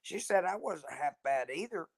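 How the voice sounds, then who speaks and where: A woman's voice: on the low side, lively intonation, normal speed, vocal fry, slightly rough. A woman chatting as a guest on a livestream, teasing and telling stories. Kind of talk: casual chat on a livestream.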